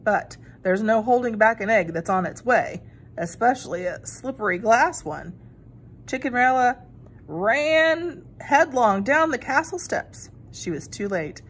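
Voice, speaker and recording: A woman reading a children's picture book aloud in an expressive, animated way. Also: on the high side, unhurried, husky. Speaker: storyteller.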